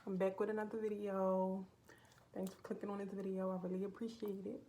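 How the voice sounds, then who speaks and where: In a casual confessional vlog recorded indoors at a relative's home, a young woman speaks at a medium pitch with a flat, brisk delivery and warm tone, plus a bit of hiss or hum. Her heartfelt talk wanders and is full of fillers.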